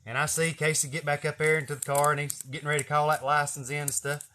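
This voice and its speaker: A man's voice: fairly high pitch, fast talker. A man telling casual stories, swearing a lot and acting out what people said. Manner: swearing, animated storytelling with acted-out quotes. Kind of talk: casual storytelling.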